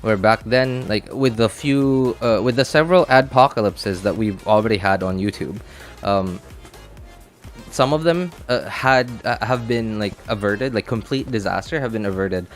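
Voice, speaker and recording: A man's voice: on the low side, moderate pace, soft background music. A man chatting casually on a game livestream, rambling with many fillers and restarts and laughing easily. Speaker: game streamer.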